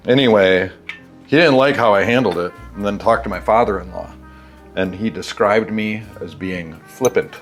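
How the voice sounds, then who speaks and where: A man's voice: on the low side, moderate pace, faint music behind. A man with a stuffy nose telling a rambling, candid story in casual vlog style while working on a bike in his repair shop. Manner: rambling, candid, profane asides. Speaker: bike shop owner and vlogger. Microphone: wireless clip-on mic.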